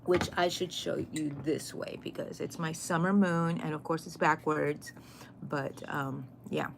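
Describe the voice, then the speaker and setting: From her craft room, a middle-aged crochet channel host chats casually on a livestream and welcomes viewers by name. Her deep, gravelly voice holds a steady tone and an unhurried pace. The background is noisy.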